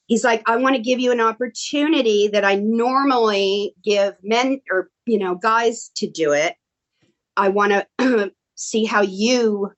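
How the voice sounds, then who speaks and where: A middle-aged woman telling stories in a casual interview, animated and excitable, acting out quoted dialogue. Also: mid-range voice, highs cut off. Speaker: guest actress. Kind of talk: casual storytelling.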